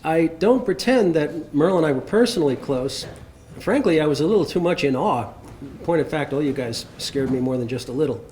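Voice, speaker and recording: A man's voice: fairly high pitch, animated, brisk, a little hiss or hum. A man at a memorial service, reading written memories aloud with fondness and the occasional laugh. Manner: warm, fond reading, often laughing.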